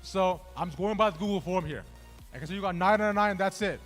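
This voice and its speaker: A man's voice: sits high, brisk, faint music behind. A man hosting a trivia game at a gaming event, bantering casually and jokingly with contestants in a large indoor venue. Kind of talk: live event emceeing.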